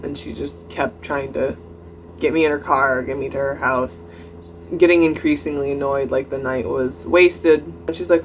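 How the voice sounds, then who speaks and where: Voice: mid-range voice, moderate pace, gravelly, a little hiss or hum, rough recording. A young adult vlogger telling a personal story in a casual, chatty way, full of "like" fillers and laughing now and then. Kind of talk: casual story-time monologue.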